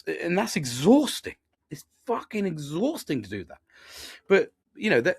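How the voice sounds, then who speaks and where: A man's voice: fairly high pitch, gravelly, slightly rough. A middle-aged man, talking candidly and rambling in a casual podcast monologue, swearing often and poking fun at himself. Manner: sweary, rambling, self-deprecating. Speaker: podcast host.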